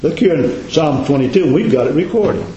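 A man preaching a sermon as a pastor, repeating his points and dropping to a low, hushed voice for emphasis. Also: expressive, a little fast, slight background noise. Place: church. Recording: echoey, dull church recording.

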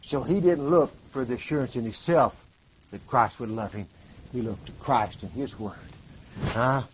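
A man preaching a sermon, swinging from loud cries to hushed tones and leaning on rhetorical questions and repetition. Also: medium pitch, normal speed, slight background noise. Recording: dull lo-fi recording.

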